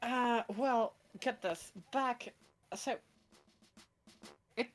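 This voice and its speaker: A woman chatting casually and jokingly, with hesitant, unhurried speech. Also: fairly high pitch, fairly even intonation, slight background noise. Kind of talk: casual chat.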